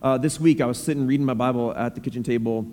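A man's voice: medium pitch, steady tone, fast, warm tone. A man in his thirties preaching a sermon to his congregation, conversational with many fillers and repeated words, then reading scripture aloud. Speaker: pastor. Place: church sanctuary. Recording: long reverb of a large hall.

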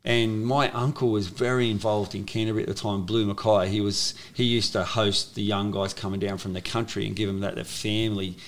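An Australian man in his fifties talks casually about his past. His low, gravelly voice wanders through stories with plenty of restarts and fillers. He sounds like a former sportsman chatting easily. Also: level tone, fairly quick, hardly any pauses. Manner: rambling, with many restarts and fillers. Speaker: guest, former rugby league player. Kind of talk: casual storytelling interview.

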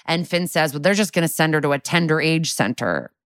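A woman's voice: sits low, expressive, a little fast, dry recording, studio quality. A woman co-hosting a podcast, casually recapping a TV episode in a chatty way, laughing often, swearing, and quoting characters in her own voice. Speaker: podcast co-host.

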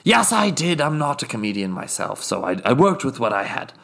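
A man's voice: mid-range voice, big pitch swings, brisk, gravelly, a bit bright. A man voicing a pompous, wealthy British podcast guest with a put-on British accent, talking in a haughty, rambling, condescending way. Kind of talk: improvised comedy character.

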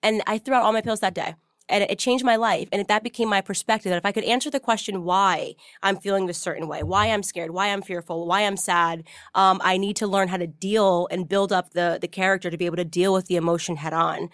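A woman hosting a podcast, telling a personal story in casual, animated interview chat with many fillers. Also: mid-range voice, fast, no room sound, studio quality. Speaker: podcast host.

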